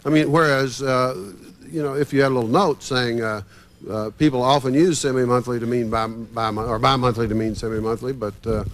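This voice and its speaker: A man's voice: medium pitch, fairly even intonation, brisk. A man speaking as a panel guest, telling anecdotes in a hesitant way with frequent fillers. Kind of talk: panel discussion.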